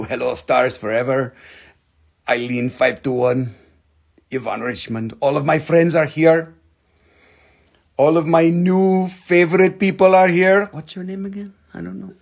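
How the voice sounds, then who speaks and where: A man hosts a live-stream crystal sale, joking and rambling in a goofy way and bursting into shouts. His voice sits high for a man and sounds husky, with a gravelly fry running through it. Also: normal speed. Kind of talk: playful live-stream sales chat.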